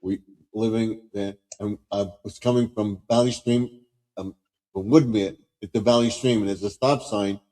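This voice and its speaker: A man's voice: lowish voice, fairly even intonation, a little slow, dark tone. A man chatting on a casual live stream, telling rambling anecdotes and often murmuring agreement. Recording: voice with long reverb.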